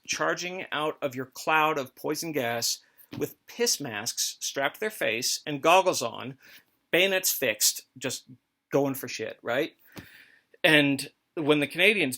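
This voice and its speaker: A man's voice: fairly high pitch, sharp tone. A man hosting a comedic history talk, rambling and mock-authoritative with crude jokes. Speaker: host.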